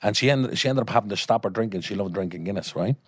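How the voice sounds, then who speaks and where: An Irish man telling a family story in casual talk, animated and swearing freely. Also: fairly low pitch, fast, breathy edge, dry recording, clean studio sound. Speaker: guest storyteller, filmmaker.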